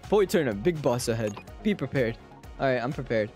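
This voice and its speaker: A woman's voice: extremely low pitch, lively intonation, a little fast, darkish tone, faint music behind. A woman live-streaming a video game, giggling, swearing casually and reading the game's lines aloud.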